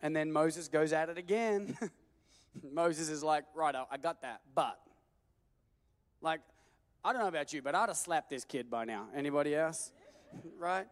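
A man preaching a sermon in an animated, jokey way, calling for amens from the congregation. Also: on the high side, normal speed. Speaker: pastor.

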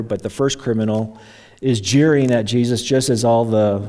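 A man's voice: lowish voice, darkish tone. A man preaching a sermon, telling the story dramatically and briefly voicing the mocking crowd and the criminals. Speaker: pastor.

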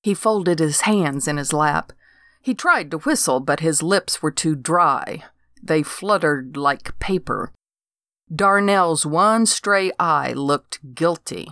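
A woman's voice: low-pitched, lively intonation, slow, fairly bright tone, no echo. An older woman reading a first-person story aloud with dry, wry humor. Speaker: narrator.

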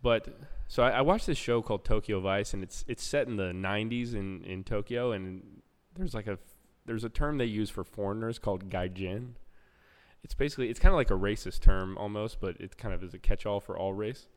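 On a live podcast recorded in a reverberant hall, a man with a fairly low voice tells a long story in casual chat at a fairly quick pace. He's an animated storyteller who loudly acts out the people he quotes.

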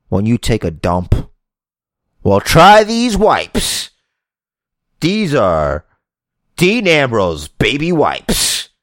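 A man playing a pushy male TV commercial pitchman giving an over-the-top sales pitch. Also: a bit bright, dry recording, exaggerated voice.

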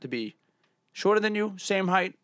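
A man's voice: sits high, lively intonation, moderate pace, a bit bright, clear, resonant tone, no room sound. Brash, teasing young-sounding man. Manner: brash, teasing, swears a lot. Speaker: podcast co-host. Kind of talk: casual chat. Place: indoors in a house.

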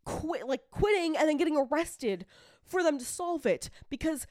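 A woman co-hosting a true crime podcast, talking fast and heatedly, swearing often and acting out what people said. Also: high-pitched, lively intonation, darkish tone, no echo, clean studio sound. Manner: heated, swears a lot, acts out quotes. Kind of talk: casual chat.

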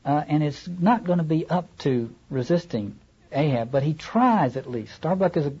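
Man giving a lit lecture, dark mellow husky voice, dull lo-fi recording. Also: a little high. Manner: reads passages aloud with wry asides. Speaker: literature lecturer. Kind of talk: literature lecture.

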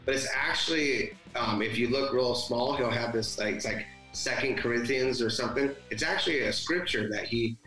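A man's voice: mid-range voice, normal speed, hardly any pauses, sharp tone, reverberant, faint music behind, poor audio. A man in a casual podcast chat who tells long, rambling stories and acts out the dialogue. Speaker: guest.

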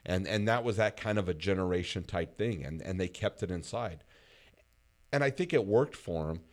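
A man's voice: low voice, expressive, moderate pace. A man hosting a casual conversation, talking reflectively with frequent fillers.

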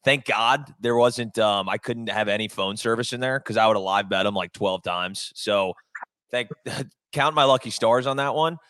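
Young guy on a sports podcast, low voice, relaxed rambling, dry mic. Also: moderate pace, dry recording. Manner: laid-back storytelling, silly voices for jokes. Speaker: podcast co-host. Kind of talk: casual sports chat.

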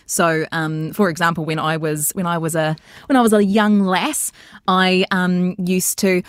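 Lively woman guest, dry close mic. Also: lowish voice, normal speed, dry recording. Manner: animated, playful, laughs often, slips into character voices. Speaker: guest, voice coach. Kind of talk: casual podcast interview.

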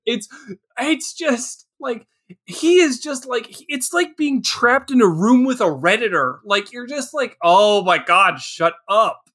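Animated sarcastic man riffing on a podcast. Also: very high voice, a little slow. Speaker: podcast co-host. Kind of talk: casual movie recap chat.

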